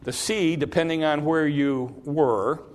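A man preaching a sermon, telling the story in a folksy way with many fillers and restarts, now and then bursting into loud dramatic quotes. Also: fairly high pitch, fairly even intonation, unhurried. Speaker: pastor.

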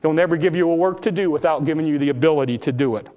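A man's voice: very fast, warm tone. A man preaching a sermon, folksy and impassioned, acting out Bible stories in plain talk. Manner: impassioned, pitch rising when exhorting; acts out Bible dialogue in folksy speech.

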